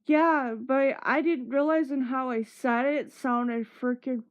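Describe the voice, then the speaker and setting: A woman with a high voice spins a rambling, profanity-laced story in casual chat, laughing between lines. The sound is dull and lo-fi, like muffled stream audio. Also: steady tone, a little slow. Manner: rambling, swearing, laughing while telling a story.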